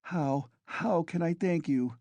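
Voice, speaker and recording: Man putting on a nervous pleading mom, voice raised high, dry close sound. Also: slow, creaky, warm tone, dry recording. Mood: anxious. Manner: pleading, timid. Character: anxious timid middle-aged mother.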